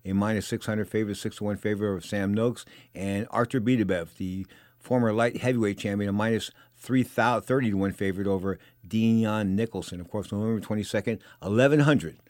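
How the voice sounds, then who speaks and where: An older man hosts a talk radio show on boxing, talking fast in a loose, rambling monologue. He is opinionated and circles back over the same points again and again. His voice is close and dry on a studio microphone. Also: on the low side, a little mellow, dry recording. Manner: rambling, opinionated, repeats himself.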